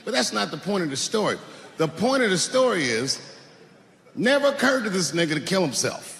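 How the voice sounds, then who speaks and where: A man doing live stand-up on a large theater stage. His storytelling is profane and animated, and he shouts his punchlines. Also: high-pitched, a little fast, gravelly. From Washington, D.C. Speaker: stand-up comedian. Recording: echoey hall with live audience noise.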